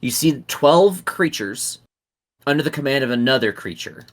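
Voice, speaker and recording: A male game master narrating a tabletop game in a relaxed, offhand way, with casual swearing. His voice sits at an ordinary middle pitch. He often stumbles and restarts while reading. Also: normal speed. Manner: casual and profane, reads aloud with restarts.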